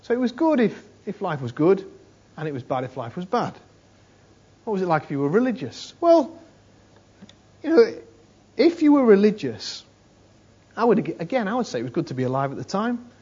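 A man's voice: sits high, big pitch swings, moderate pace, pauses often, dark tone, breathy edge. A man preaching a conversational sermon, repeating phrases for emphasis and often saying "you know". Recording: dull lo-fi sermon recording.

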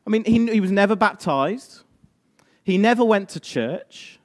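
A man preaching a sermon, moving between hushed, slow lines and rising, emphatic passages. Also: high voice, expressive.

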